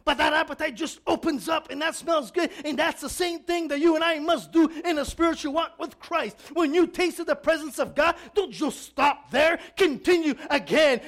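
A preacher delivering a sermon, swinging between shouted emphasis and quiet, low asides, and stretching out key phrases.

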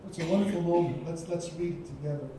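A man's voice: on the high side, quick pace, dark tone, a little hiss or hum. A man preaching a sermon as a guest speaker, emphatic, repeating his key phrases for weight. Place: church sanctuary. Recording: echoey church from far off.

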